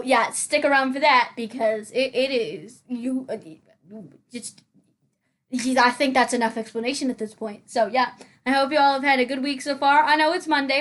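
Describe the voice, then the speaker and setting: A young woman hosting a game-building video, chatting casually in a rambling, giggly way with lots of fillers and restarts. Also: sits high. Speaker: Sims building channel host. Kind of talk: casual voice-over chat.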